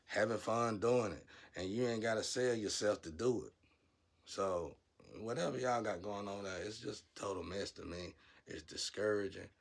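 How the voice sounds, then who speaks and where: A man vlogging a blunt, profane rant, scolding his viewers and swinging from low muttering to loud shouting. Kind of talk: ranting monologue to camera.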